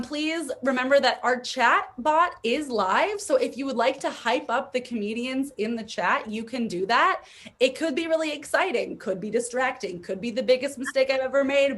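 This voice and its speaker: Chatty high-voiced woman host. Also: fairly bright tone. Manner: chatty and self-mocking, rambling asides. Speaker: event host. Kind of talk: casual hosting of an online comedy show. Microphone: video call.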